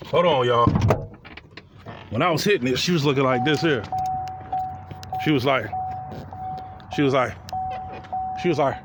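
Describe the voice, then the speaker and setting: A man's voice: medium pitch, unhurried, pauses often, very noisy. A man casually telling a crude, boastful personal story, swearing freely as he goes. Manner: profane, boastful and animated.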